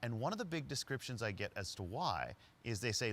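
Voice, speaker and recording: Guy doing a leadership talk, telling a story, easy conversational vibe. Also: medium pitch. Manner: conversational, quick narration with lively quoted voices. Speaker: leadership speaker.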